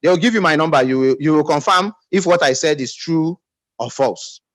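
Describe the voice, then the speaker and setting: Nigerian English man, team leader, emphatic pep talk, high and animated, dry sound. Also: normal speed, dry recording, rough recording. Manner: emphatic, calls for audience responses.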